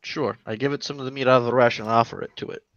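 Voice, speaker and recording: A man's voice: mid-range voice, steady tone, very fast, lo-fi sound, heavy background noise. A man playing in a tabletop game, describing his character's actions in the third person. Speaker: player.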